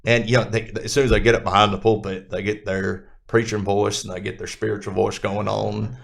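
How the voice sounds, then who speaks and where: A man's voice: on the low side, flat delivery, fairly quick, gravelly, a bit bright. A man co-hosting a church podcast in casual conversation, talking bluntly and emphatically with many fillers.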